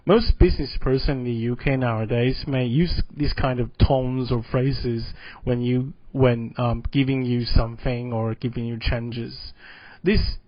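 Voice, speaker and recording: A man's voice: medium pitch, steady tone, unhurried, no echo. Man lecturing, with frequent "okay?". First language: Mandarin. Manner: frequent "okay?" checks, hesitant fillers. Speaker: university lecturer. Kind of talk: classroom mini-lecture. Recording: dull, dry classroom audio.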